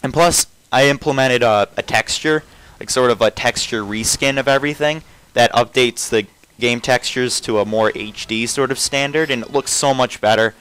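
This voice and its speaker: Commentating casually on a video game, a young man rambles, cuts himself off, and often trails away. He speaks at a moderate pace in a medium-pitched, smooth, slightly bright voice, and the audio is poor.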